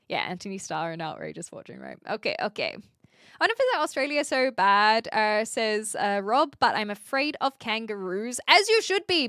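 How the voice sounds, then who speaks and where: Female streamer, slightly high and bright, loose chatty delivery with laughs. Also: no room sound, studio quality. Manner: chatty and rambling, with frequent laughter and hesitations. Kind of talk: casual livestream chat, reading viewer comments aloud.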